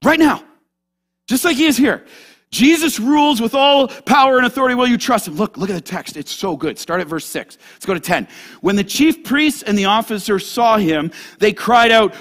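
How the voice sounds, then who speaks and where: A man pastor preaching a sermon to a congregation, animated and direct, moving between loud emphasis and hushed asides. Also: high-pitched, moderate pace. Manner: animated, talks straight to the congregation.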